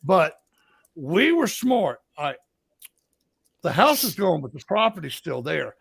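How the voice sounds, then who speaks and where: Southern man, middle-aged, very gravelly voice, slightly higher pitch, dry close sound, folksy rambling storyteller. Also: big pitch swings, takes it slowly, fairly bright tone, dry recording. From Alabama. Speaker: co-host. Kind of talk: casual storytelling chat.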